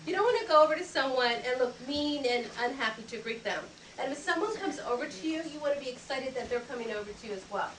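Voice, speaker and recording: Fast and animated, with few pauses, a high-pitched woman teaches children etiquette by acting out greetings and handshakes in an upbeat, teacherly style. Crowd noise surrounds her in the library program room, and the recording is echoey with a distant mic and background noise.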